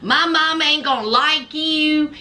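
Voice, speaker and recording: A woman's voice: high-pitched, a little slow, bright, forceful tone, full character voice. A woman voicing a grown man who dismissively warns his partner about his strict mother. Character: evasive grown man warning off his fiancée.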